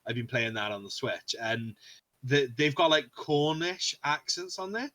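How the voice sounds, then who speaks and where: A man from the UK co-hosts a casual podcast chat. His voice is bright with a forceful edge. He swears freely, laughs a lot and keeps jumping into silly put-on voices. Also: fairly high pitch, fairly even intonation, unhurried, no room sound. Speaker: podcast co-host.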